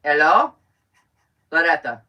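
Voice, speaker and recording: A woman voicing her elderly mother, who calls loudly and plaintively on the phone. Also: low-pitched, sing-song, slow pace, recorded from a distance, dull audio, full character voice. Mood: demanding.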